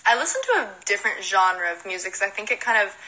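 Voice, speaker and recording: Bright, giggly Southern young woman. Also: mid-range voice, expressive, fast talker, low-quality recording. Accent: Southern American. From Southern United States. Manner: chatty, giggly, reads questions aloud then answers. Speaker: model and musician answering fan questions. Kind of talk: casual livestream Q&A. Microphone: phone.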